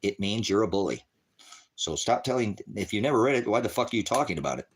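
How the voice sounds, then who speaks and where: A man's voice: very animated, fast talker, breathy edge. Profane taunting man ranting at chat. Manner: profane, taunting, mocking laughter; swings from low mutter to high shouting. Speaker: livestream preacher. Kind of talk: heated livestream rant at chat.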